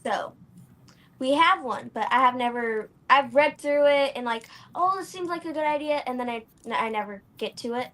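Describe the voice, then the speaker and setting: A woman's voice: sits high, moderate pace, a bit bright. A young woman, a guest cook, chatting casually, laughing often and trailing off unsure. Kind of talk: casual chat. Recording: faint background noise.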